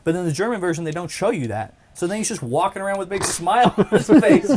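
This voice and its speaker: A man's voice: high-pitched, expressive, fast talker, over a noisy crowd. A man chatting casually while gaming, rambling through stories with frequent laughs.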